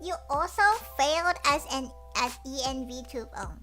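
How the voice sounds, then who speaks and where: A woman streamer telling a story in casual chat, animated and acting out what people said, often breaking into laughter. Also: sits high, moderate pace, faint music behind.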